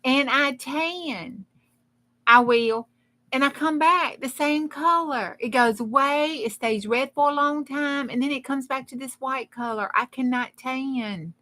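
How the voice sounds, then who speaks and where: A woman hosts a late-night crafting livestream and chats casually with her viewers. Her voice is bright and forceful. She rambles from one thing to the next with folksy humor. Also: on the high side.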